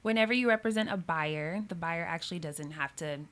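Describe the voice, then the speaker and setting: A woman's voice: lowish voice, a little fast, a bit bright. A woman guest on a podcast interview, giving earnest real estate advice with frequent ums and you-knows. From Houston, Texas. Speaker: realtor guest.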